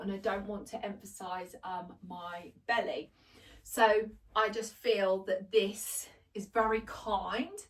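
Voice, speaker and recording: A woman's voice: medium pitch, far from the mic. A middle-aged woman chatting through a clothes try-on haul at home, gushing, laughing and joking about herself. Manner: chatty, gushing, self-deprecating, laughs often. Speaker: fashion vlogger. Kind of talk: casual try-on haul chat. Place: home, indoors.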